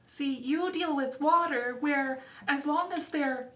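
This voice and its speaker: A woman's voice: sits high, takes it slowly, roomy sound, background noise. A woman voicing a prim, precise male camp counselor who talks in a fussy, stern way.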